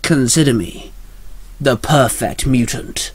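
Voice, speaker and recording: Man doing a cold quiet villain. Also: medium pitch, breathy edge, no room sound. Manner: slow, quiet, menacing. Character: cold eerie scarred male villain.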